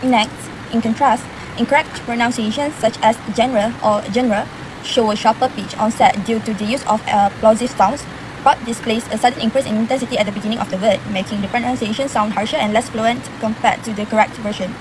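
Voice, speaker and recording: A woman student giving a scripted presentation on pronunciation, in a measured and careful explanatory manner. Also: a little high, fairly even intonation, background noise. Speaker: university student presenting an assignment.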